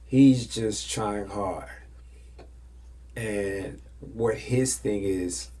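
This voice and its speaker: A man hosting a podcast, telling a story in a loose, animated way and acting out the other people's lines. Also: on the low side, drawn-out words, pauses often. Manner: animated storytelling, acts out quotes. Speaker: podcast host.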